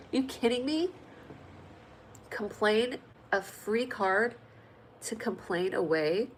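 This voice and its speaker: A woman's voice: on the high side, slow, a little hiss or hum, rough recording. A woman from California hosting a comedy livestream, chatting with viewers in a playful, joking way. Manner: playful, jokey, lively and loud at times. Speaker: livestream host. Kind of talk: casual livestream chat reading comments.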